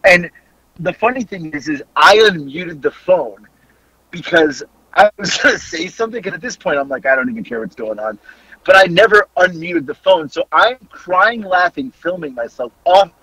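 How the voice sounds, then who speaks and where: A man's voice: high voice, moderate pace, husky, dry recording, poor audio. A man hosting a podcast, telling a story in a casual chat. He swears freely and keeps breaking into laughter. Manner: animated, profane, laughing through his story. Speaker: podcast host.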